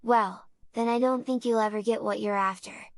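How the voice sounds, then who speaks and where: A woman reading aloud and voicing a tall, calm old male traveling showman with a foreign accent. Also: fairly high pitch, normal speed, no room sound, clean studio sound, lightly acted. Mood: cool. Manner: calm, quietly shrewd.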